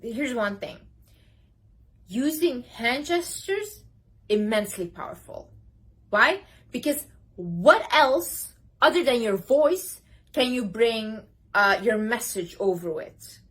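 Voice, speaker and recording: A woman's voice: a little high, lively intonation, takes it slowly, fairly bright tone, husky. A young woman giving a casual, emphatic motivational talk to camera, gesturing as she speaks. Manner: emphatic, talks with hand gestures.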